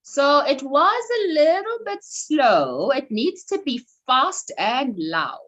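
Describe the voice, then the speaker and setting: A woman leading an online voice workshop over a video call, animated and coaxing. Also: high voice, slow pace, highs cut off. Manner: animated, instructive, coaxing participants. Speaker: voice coach running a workshop.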